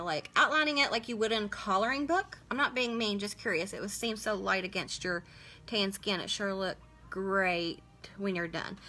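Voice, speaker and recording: A woman's voice: medium pitch, pushed and bright. A woman hosting a casual live makeup tutorial, chatting as she works and greeting viewers by name. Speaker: makeup livestream host.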